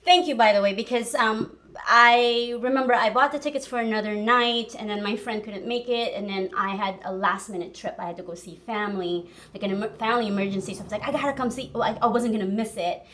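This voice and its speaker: A woman hosting a podcast in casual chat, animated, laughing often and swearing freely. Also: on the high side, quick pace, hardly any pauses. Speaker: podcast host.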